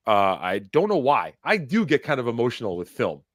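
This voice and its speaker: A man's voice: mid-range voice, sing-song, brisk, fairly bright tone, no echo, clean studio sound. A man hosting a casual chat, rambling and swearing freely, with lots of fillers and restarts. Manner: rambling, profane, emotional, many fillers. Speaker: host.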